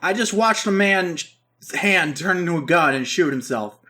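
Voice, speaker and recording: Guy doing a queasy whiny teen boy voice, kinda high. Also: expressive, moderate pace, sharp tone, heavily acted.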